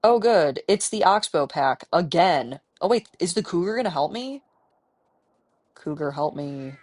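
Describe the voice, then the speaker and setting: Her pitch fairly low and her tone darkish, the Midwestern streamer talks unhurriedly with lively intonation. Nursing a cold, she rambles casually through her gameplay and chats to the on-screen animals.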